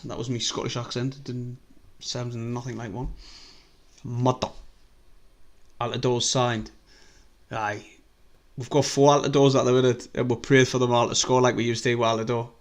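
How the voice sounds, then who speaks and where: A man with a North East English accent chats away on a live stream as a football fan. His voice sits in an ordinary middle pitch, and he rambles loosely from one thought to the next, swearing now and then. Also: steady tone, normal speed, a bit bright. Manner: rambling, chatty, swears freely. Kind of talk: casual live-stream chat.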